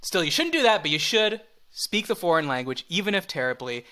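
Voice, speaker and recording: A man in casual podcast chat, telling an animated travel story with many restarts. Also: a little high, a little fast. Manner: animated storyteller, acts out voices, restarts often. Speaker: podcast co-host or guest.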